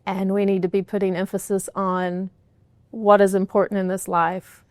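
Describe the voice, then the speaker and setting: A woman's voice: medium pitch, flat delivery, moderate pace, no echo. A middle-aged woman answering interview questions in an earnest, candid way, often saying "you know", in a studio. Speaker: guest, horse trainer's wife and business partner.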